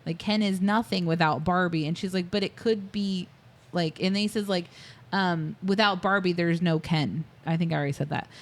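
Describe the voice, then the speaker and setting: On a casual podcast she co-hosts, a woman with a slightly low voice recaps a film at a moderate pace. She stacks up scene details, slips into quoted lines, and laughs easily in between.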